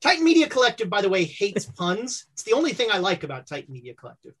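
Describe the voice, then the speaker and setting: A woman's voice: medium pitch, sing-song, quick pace, slightly rough. A woman hosting and running a tabletop game, making casual announcements and jokes. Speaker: game master and show host.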